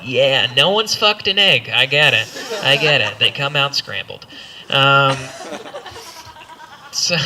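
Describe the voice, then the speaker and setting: A man's voice: a little high, bright, forceful tone, slight background noise. A young man doing stand-up in a rambling, self-deprecating way, full of stumbling restarts. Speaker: stand-up comedian. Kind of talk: stand-up set. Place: comedy club stage.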